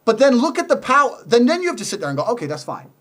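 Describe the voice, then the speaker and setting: Fast, animated man arguing hard. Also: extremely high pitch. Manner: forceful, mocking, argumentative. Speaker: interview guest. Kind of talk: heated debate.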